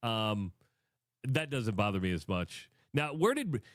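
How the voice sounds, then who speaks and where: A man's voice: lowish voice, sing-song, no echo, studio quality. Easygoing radio co-host man. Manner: measured, conversational, hedging. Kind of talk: casual sports talk. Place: radio studio.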